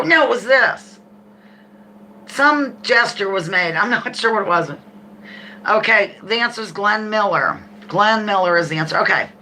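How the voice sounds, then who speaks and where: Bright chatty middle-aged woman hosting trivia. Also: mid-range voice, slight background noise. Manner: chatty, reads questions slowly, laughs often, chats with viewers. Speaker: trivia game host. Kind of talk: live-streamed trivia game chat.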